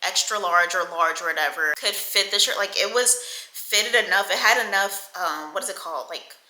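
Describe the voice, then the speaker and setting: A woman in her twenties telling a casual storytime, chatty and animated, swearing and laughing a lot. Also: medium pitch, moderate pace. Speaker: vlogger. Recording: echoey room.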